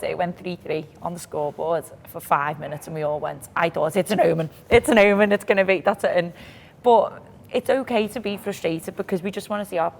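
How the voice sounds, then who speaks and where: A woman with a Liverpool accent, co-hosting a podcast and talking about football in a lively, emphatic way. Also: fairly low pitch, slight background noise. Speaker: podcast co-host. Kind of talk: casual football chat.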